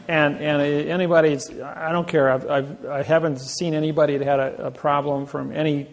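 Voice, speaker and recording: A man telling boastful stories to an audience, animated, with many restarts. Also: on the high side. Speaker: seminar speaker. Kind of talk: storytelling talk to an audience.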